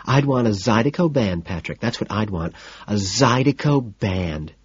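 A spoiled young society woman gushing and whining in an audiobook, voiced by a male narrator. She talks breathlessly, a touch higher than his own low voice. The recording is dull and lo-fi. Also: animated, normal speed, slightly rough.

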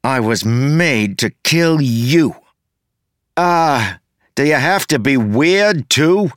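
A man's voice: lowish voice, expressive, slow pace, a bit bright, dry recording, clean studio sound. A man voicing a smug, gloating villainess. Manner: mocking, taunting. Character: gloating female villain clone, cold and smug.

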